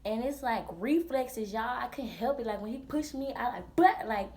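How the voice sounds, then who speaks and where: A woman in her twenties, a vlogger telling a storytime in a blunt, profane, animated way full of slang. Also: fairly high pitch, moderate pace. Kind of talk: storytime vlog.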